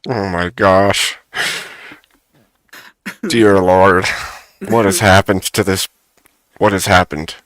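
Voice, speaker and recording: A man's voice: sits low, fairly even intonation, slow pace, pauses often, a bit bright, dry recording. A man hosting a live stream, chatting casually and joking with much laughter.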